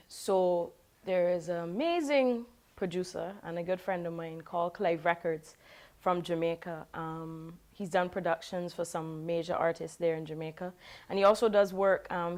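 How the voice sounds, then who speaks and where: A woman reggae singer, reflecting in a relaxed, casual interview. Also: fairly low pitch, normal speed. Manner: relaxed, reflective, with many "you know" fillers.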